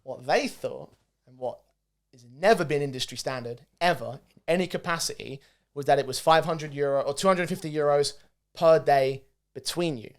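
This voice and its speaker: A man, an esports commentator guesting on a podcast, telling stories in an animated way and swearing freely. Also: a little high, normal speed. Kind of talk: casual podcast chat.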